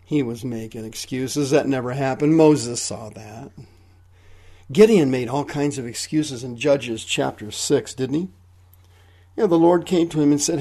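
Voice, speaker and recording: A man's voice: a little high, moderate pace, mellow. A man preaching a radio sermon, firing rhetorical questions and retelling Bible scenes in a folksy, conversational way.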